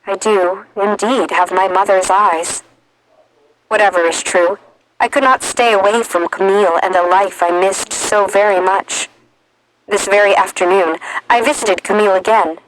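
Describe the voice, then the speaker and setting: A woman narrating an audiobook in the first person, measured and reflective. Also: mid-range voice, fairly even intonation, low-quality recording.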